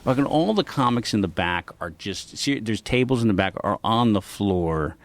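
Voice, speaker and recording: A man's voice: on the low side, normal speed. A man telling stories as a comedian guest on a podcast, in a casual, profane style. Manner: profane, animated storyteller.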